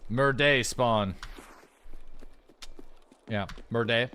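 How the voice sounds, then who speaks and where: Rambling Prince Edward Island streamer, swearing. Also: male voice, mid-range voice, drawn-out words, bright, forceful tone, smooth. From rural Prince Edward Island, Canada. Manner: rambling, swearing, self-described yapping. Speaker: game streamer. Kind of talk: casual livestream chat while gaming.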